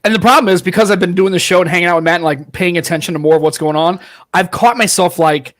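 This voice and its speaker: A man's voice: high-pitched, quick pace, a bit bright, no echo, clean studio sound. A man co-hosting a podcast over a video call, telling stories animatedly and swearing freely. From St. Louis area, US. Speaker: podcast co-host. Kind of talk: casual chat.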